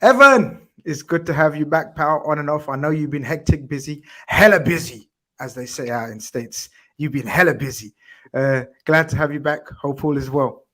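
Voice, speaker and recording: A man's voice: on the high side, moderate pace, hardly any pauses, pushed and bright. A man hosting a casual football chat show, chatty and teasing his guests. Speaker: podcast host.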